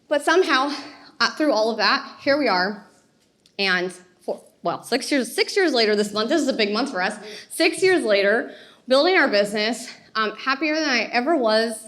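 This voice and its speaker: Animated woman telling a story. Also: fairly high pitch. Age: 30s. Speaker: speaker. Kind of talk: motivational talk.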